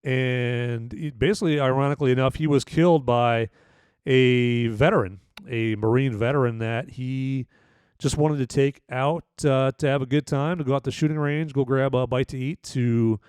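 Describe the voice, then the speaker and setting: A man's voice: mid-range voice, steady tone, normal speed, darkish tone, clean tone, no echo. Guy rambling through a movie review, lots of "you know", dry close mic. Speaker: podcast host and movie reviewer. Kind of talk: casual spoken film review.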